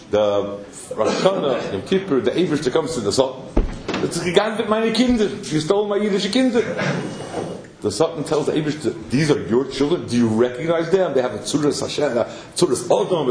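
A man telling a story as a sermon, animated, with many Yiddish and Hebrew terms in his English. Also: fairly high pitch, echoey room, noisy background.

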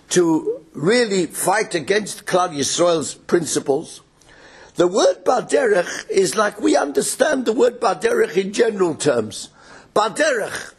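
A man's voice: high voice, slightly rough. A man giving a religious study lecture, explaining points and posing rhetorical questions to his listeners. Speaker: Torah lecturer.

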